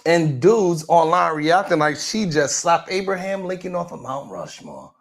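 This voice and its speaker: A man's voice: a little high, very animated, moderate pace, vocal fry, hardly any pauses. A man hosting a morning show livestream, chatting casually and joking as he talks straight to his viewers.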